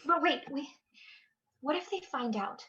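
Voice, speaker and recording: Young actress as a high-voiced, torn college girl, slow and pleading, dull lo-fi radio play. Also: expressive, pushed and bright, slight background noise, heavily acted. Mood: tender. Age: young adult. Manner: pleading, hesitant, emotional. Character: young female university student, anxious and torn. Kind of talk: amateur radio drama acting.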